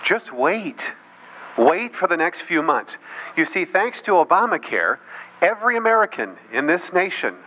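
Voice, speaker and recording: This political speaker has a high-pitched, sharp-toned voice. Speaking to an audience, he narrates a story, mocking people in asides and imitating their voices. The audio is dull and lo-fi, with a little background noise.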